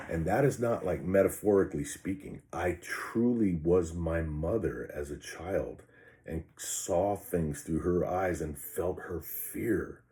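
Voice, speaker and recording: An older man, a retired police officer, recounting a personal experience and reading from his own notes in a halting, earnest way, often restarting and repeating words. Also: sits low, mellow.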